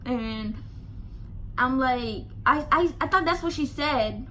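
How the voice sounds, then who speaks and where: A woman vlogger telling a casual storytime, animated and emphatic, swearing freely with lots of "like" fillers. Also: high-pitched, slow pace, a little hiss or hum.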